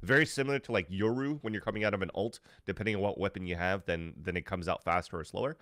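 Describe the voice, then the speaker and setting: A man's voice: low voice, quick pace, fairly bright tone, no room sound, studio quality. A man explaining gameplay as a guest on a casual gaming show, with frequent restarts. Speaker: guest player analyst.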